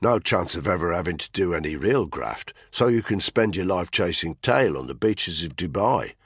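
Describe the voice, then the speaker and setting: A man's voice: sits low, animated, moderate pace, fairly bright tone, husky, no echo, clean studio sound, full character voice. A male narrator voicing a brash, crude, mocking special forces soldier in an audiobook thriller. He sounds swaggering and scornful.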